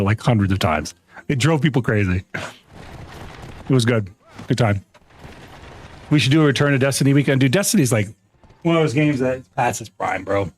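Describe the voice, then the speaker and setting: A man streaming a game live, telling a story to his chat in a casual, animated way, often breaking into laughter and swearing freely. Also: medium pitch. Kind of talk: casual gaming livestream storytelling.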